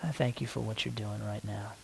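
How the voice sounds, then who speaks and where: A man leads a spontaneous spoken prayer in a soft, gravelly voice. He talks haltingly and repeats words as he searches for them, sinking now and then to a hushed near-whisper. A faint hiss sits under the recording. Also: on the low side, fairly even intonation, rough recording. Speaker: worship leader praying aloud.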